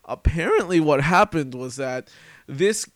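A man's voice: a little high, animated, a little slow, dry recording, studio quality. A man co-hosting a casual podcast, telling a rambling story with plenty of swearing. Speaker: podcast co-host.

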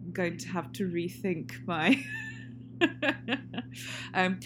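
A woman's voice: fairly low pitch, steady tone, slow pace. A woman co-hosting a casual film chat, rambling and laughing often. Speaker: podcast co-host. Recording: faint hum and noise.

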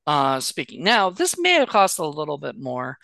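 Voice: mid-range voice, wildly swooping pitch, normal speed, gravelly, pushed and bright, no echo. A podcast co-host chatting casually about a movie, rambling with many fillers and restarts. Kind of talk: casual movie-review chat.

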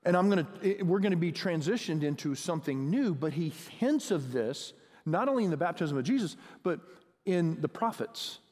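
High-voiced preacher in a reverberant hall. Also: male voice, animated, moderate pace, darkish tone. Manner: conversational, asks the audience questions, builds in intensity. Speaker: pastor. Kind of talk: sermon. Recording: long reverb of a large hall.

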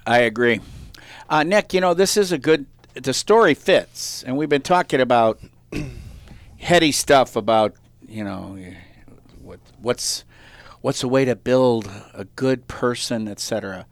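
A man's voice: medium pitch, expressive, a little slow, no echo. A middle-aged man hosting a podcast, chatting casually and telling rambling stories with many restarts. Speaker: podcast host. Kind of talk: casual interview chat.

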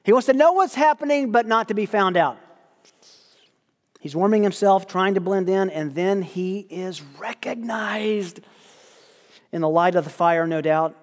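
A guest preacher giving a sermon, telling the story in a lively way and acting out quoted lines. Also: male voice, high-pitched, unhurried, big-room sound.

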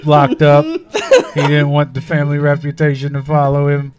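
A man spinning deadpan jokes in casual comedic banter. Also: a little high, moderate pace, crowd noise.

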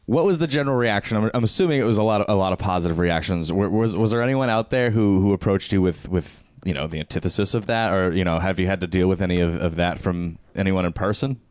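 A man's voice: low-pitched, quick pace, hardly any pauses, a little mellow, no echo. A man interviewing a guest casually, hesitant and repeating words as he asks.

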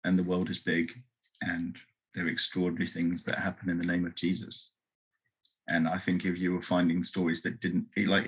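A man telling a long story as an interview guest, slipping into the voices of the people he quotes. His voice sits a little low and sounds bright and forward. It has a husky edge. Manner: animated, acts out voices in quotes.

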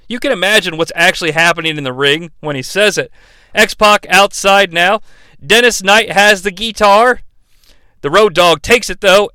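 A man's voice: high voice, pushed and bright, clean tone, dry recording. A man hosting a comedic wrestling recap podcast, sarcastic and profane. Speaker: podcast host.

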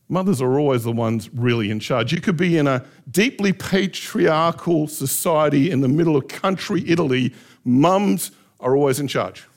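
Man, middle-aged, high voice, animated anecdotes, storytelling talk. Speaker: speaker.

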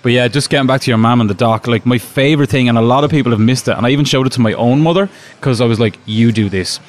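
A man hosting a casual interview, quick and chummy, laughing often. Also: medium pitch. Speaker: podcast host.

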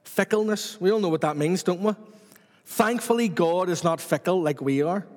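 A man's voice: high-pitched, moderate pace, a little mellow, in a large hall. A man preaching a sermon to his church with repetitive, rhythmic emphasis.

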